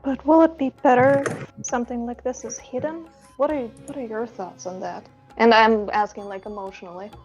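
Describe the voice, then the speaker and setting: A woman's voice: on the high side, fairly even intonation, brisk, a little mellow, highs cut off, soft background music. Hesitant woman playing a tabletop game. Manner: hesitant, thoughtful, describes her actions. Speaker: player. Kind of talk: in-character tabletop play.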